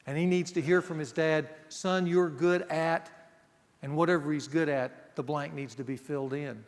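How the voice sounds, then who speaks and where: Man, somewhat high voice, preaching earnestly in a big echoing hall, hushed emphasis. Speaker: men's ministry teacher. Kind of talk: sermon. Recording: long hall reverb.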